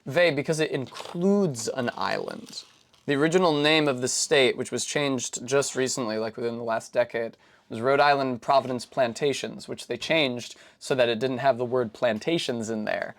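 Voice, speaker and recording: A woman's voice: extremely low pitch, moderate pace. Rambling chatty woman streamer. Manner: rambling, digressive, chatty explainer; full of fillers and self-corrections. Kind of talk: casual chat while building a Lego set.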